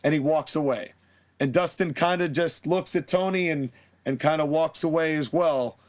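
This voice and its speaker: A man hosting a podcast, narrating a wrestling fantasy booking story in an animated way. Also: a little high, normal speed. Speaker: podcast host.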